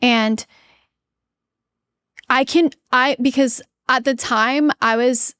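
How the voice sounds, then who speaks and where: A woman guest earnestly telling a personal story in a podcast interview, halting often with restarts and fillers. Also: sits high, steady tone, a bit bright, clear, resonant tone, no room sound, studio quality.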